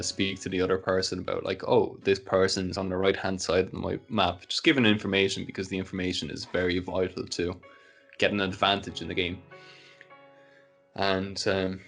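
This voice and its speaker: A man's voice: low voice, creaky, fairly bright tone. A man from Poland hosting a casual podcast chat, rambling with lots of fillers. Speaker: podcast host.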